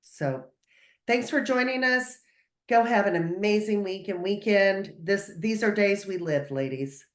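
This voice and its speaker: A woman's voice: mid-range voice, unhurried, roomy sound. A woman speaking as a guest on a video call, giving earnest, emphatic, encouraging advice.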